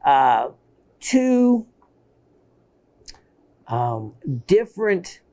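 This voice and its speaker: Slow-talking enthusiastic male shopping host. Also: high-pitched. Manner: excited, repeats phrases for emphasis. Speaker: gemstone shopping show host. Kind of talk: enthusiastic sales presentation.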